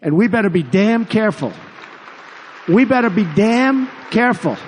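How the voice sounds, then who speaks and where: A man's voice: high voice, lively intonation, moderate pace, some chatter behind, slight background noise. Boastful male candidate in echoing arena. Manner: boastful, repetitive, off-the-cuff. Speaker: political candidate. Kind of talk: campaign rally speech. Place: large rally venue. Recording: long arena reverb.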